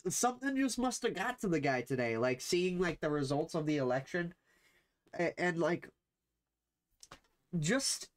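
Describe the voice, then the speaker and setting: A young adult man chatting casually to his livestream viewers, rambling and slangy, with frequent swearing and fillers. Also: high-pitched.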